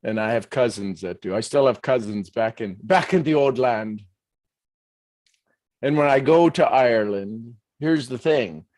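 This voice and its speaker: A man from the United States, hosting a motivational livestream and speaking in an animated, emphatic way with frequent chuckles. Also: medium pitch, a little slow, dry recording. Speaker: host.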